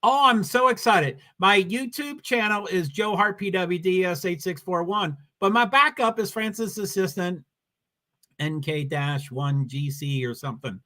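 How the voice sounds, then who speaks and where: A man with a New England accent chats his way through a casual livestream, wandering from viewer comments to racing news. His voice sits high for a man and has a bright, forceful edge. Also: unhurried. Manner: rambling, reads comments and news aloud. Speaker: livestream host.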